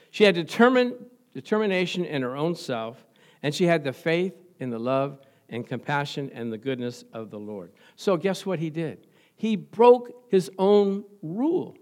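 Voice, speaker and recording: High-voiced man preaching with fervor. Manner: conversational, quizzes the congregation, laughs often; swings between soft asides and loud fervent emphasis. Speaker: pastor. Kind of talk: sermon.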